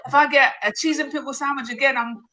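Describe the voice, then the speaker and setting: A woman's voice: high-pitched, fairly even intonation, fast, sharp tone, voice pushed up. A woman voicing an Irish builder in a joke, with a put-on Irish accent. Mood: glum. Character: glum Irish builder, adult man.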